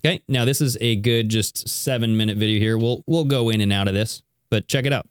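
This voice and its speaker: A man's voice: fairly quick, clear, resonant tone, dry recording, clean studio sound. A man hosting a show, chatting casually as he reacts to video clips. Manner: animated, jumps into high mock tones.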